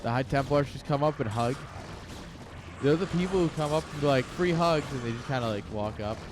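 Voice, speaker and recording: A young man commenting live on an esports match in an excitable, joking way, talking straight to his chat. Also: mid-range voice, a little fast, background noise. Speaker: game caster.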